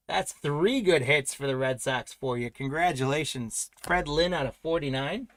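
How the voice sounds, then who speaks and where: A man's voice: on the high side, normal speed, few pauses, fairly bright tone, dry recording. A man hosting a live trading card break, announcing pulls and congratulating buyers in an upbeat, chatty way.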